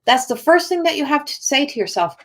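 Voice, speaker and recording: A woman spiritual coach chats to viewers on a live stream in an ordinary conversational register. Her delivery is earnest and encouraging, but halting, and she often repeats words and restarts her sentences before finishing a thought. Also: sits high, lively intonation. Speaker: spiritual coach and oracle card reader.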